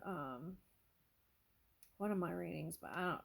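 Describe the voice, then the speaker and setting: Slow musing woman reading tarot cards. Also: lowish voice, gravelly, slight background noise. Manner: musing, thinks aloud, exclaims over cards. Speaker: tarot reader.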